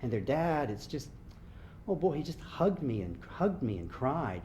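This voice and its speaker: A man's voice: medium pitch, sing-song, a little mellow, slight background noise. A man reading as a troubled young man. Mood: subdued. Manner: halting, conversational, swearing. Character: young man, grieving, impulsive, has just enlisted.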